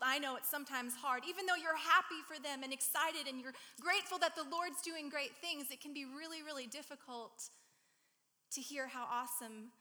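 A woman preaches to her church with emotional candor. Her voice sits high and sounds bright and tense. It carries with the long reverb of a large sanctuary. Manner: emotional, warm-hearted, candid. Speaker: guest speaker. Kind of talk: sermon.

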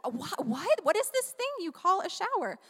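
A woman's voice: extremely high pitch, big pitch swings, moderate pace, fairly bright tone, pitched above the performer's own voice, exaggerated voice. A woman voicing a bewildered child grumbling in a whiny, incredulous, stammering way. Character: bewildered, grumbling child who refuses to bathe. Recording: long hall reverb.

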